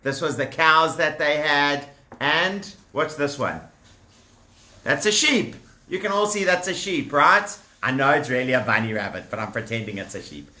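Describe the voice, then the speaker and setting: Bright, high-voiced male storyteller. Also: moderate pace, roomy sound. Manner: lively, animated, talks directly to the children with props. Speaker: children's storyteller. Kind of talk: children's storytelling.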